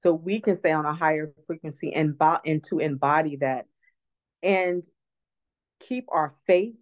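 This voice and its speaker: A woman's voice: deep voice, unhurried. A woman guest speaker, earnest and reflective, telling a personal story in an online talk. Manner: earnest, reflective, many restarts. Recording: tinny phone-line audio.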